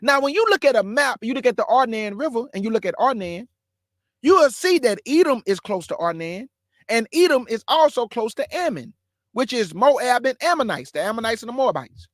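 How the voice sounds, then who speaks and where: High-voiced fast-talking preacher man. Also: big pitch swings, no echo, studio quality. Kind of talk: live-streamed bible teaching.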